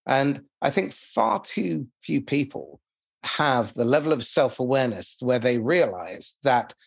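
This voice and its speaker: Measured male interviewer, husky voice, mid pitch. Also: expressive. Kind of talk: interview questions.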